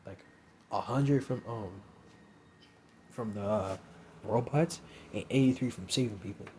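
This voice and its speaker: Rambling young man, mellow voice. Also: lowish voice, unhurried, slight background noise. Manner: rambling, filler-heavy, says "you know what I'm saying" often. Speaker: storyteller. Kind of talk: casual improvised story narration.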